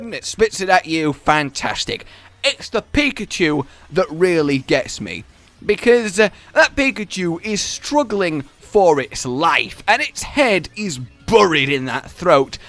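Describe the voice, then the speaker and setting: A man hosting a gaming video with animated, exasperated commentary that jumps between shouts and low asides.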